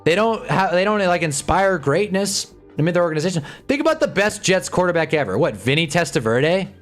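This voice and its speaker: A man hosting a live stream, chatting casually and sarcastically in a rambling, animated way, reading chat and reacting as he goes. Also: high-pitched, fairly quick, soft background music. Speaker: livestream host.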